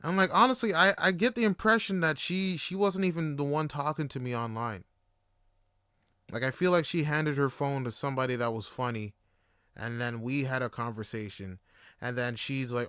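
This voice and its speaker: A young man hosting a podcast, telling a story in a casual, rambling way, full of fillers and animated swings. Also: medium pitch, moderate pace, clean tone, no room sound, studio quality. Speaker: podcast host.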